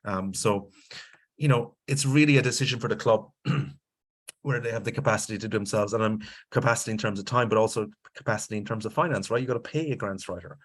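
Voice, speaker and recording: An Irish man working as a grants consultant presents an instructional webinar with a lowish voice. He speaks fast in an emphatic, lecturing style and checks in with the audience frequently.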